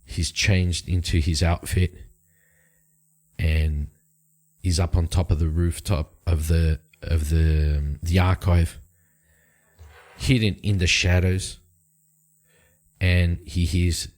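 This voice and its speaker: A man narrates his own solo tabletop adventure, improvising the story as he goes. His voice is low and his pace slow and deliberate. He often pauses and restarts his phrases while he finds the next beat. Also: a little mellow. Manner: hesitant, with restarts and fillers.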